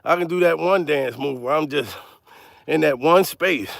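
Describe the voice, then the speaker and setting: Winded guy laughing thru a profane comedy stream, high gravelly voice, dry close sound. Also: moderate pace, no room sound. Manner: profane, laughing, excitable rambling. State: out of breath. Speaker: comedian livestreamer. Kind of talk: comedic livestream vlog.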